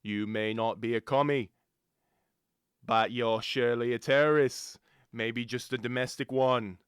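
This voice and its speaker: A young man voicing the pompous ghost of a late male US president, talking loudly and slowly with grand oratory and an oddly British-sounding delivery, into a studio microphone. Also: mid-range voice, fairly even intonation, smooth, no echo, natural voice. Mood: scolding. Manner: loud, slow, grandiose oratory. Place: radio studio.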